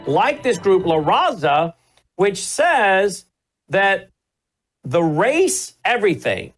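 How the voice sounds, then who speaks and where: A man hosting a radio and TV talk show, emphatic and quick to laugh. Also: sits high, very animated, faint music behind. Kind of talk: animated talk show banter.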